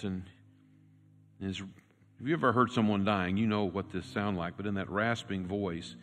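A man preaching a sermon as pastor, telling a story and swinging from loud, urgent lines to hushed, quiet ones. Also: fairly low pitch, moderate pace. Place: church sanctuary. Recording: long reverb with faint music.

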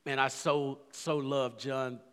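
A man's voice: mid-range voice, fairly even intonation, slow, a bit bright, smooth, big-room sound. A man preaching a sermon as pastor, building fervor through repeated phrases. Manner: preaching with rising fervor and repetitions.

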